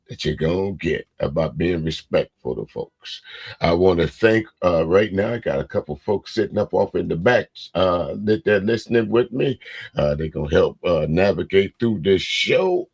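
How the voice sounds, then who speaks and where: A man hosting a casual live stream chat show, talking in a laid-back, drawn-out way and chuckling often. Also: low voice, a little mellow, husky, no room sound.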